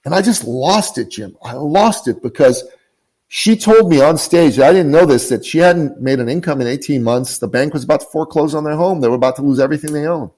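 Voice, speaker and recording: A man's voice: a little high, a little fast, a little mellow, rough recording. Earnest emphatic man telling a story. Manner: earnest, emphatic, repeats phrases. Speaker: guest, business coach. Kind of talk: podcast interview storytelling. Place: lives in Canada.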